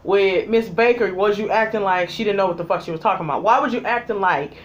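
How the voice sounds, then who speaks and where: A vlogger in a profane, angry rant, sounding heated and exasperated and talking straight at the people being ranted about. The voice swings between loud outbursts and low, muttered asides. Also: quick pace, muffled recording. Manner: heated and exasperated, heavy swearing, talks straight at the absent characters. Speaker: vlogger reviewing a TV series.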